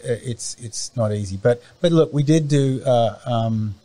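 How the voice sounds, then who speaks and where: A man's voice: mid-range voice, measured pace, mellow, no room sound. A man as an interview guest, talking casually and rambling with many fillers and restarts. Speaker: interview guest, farm owner. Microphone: remote call mic, cutting in and out.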